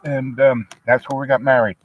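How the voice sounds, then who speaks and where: A man's voice: mid-range voice, little pitch movement, normal speed, phone-quality sound. Rambling older man telling stories. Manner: rambling, full of fillers and asides. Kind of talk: casual rambling storytelling.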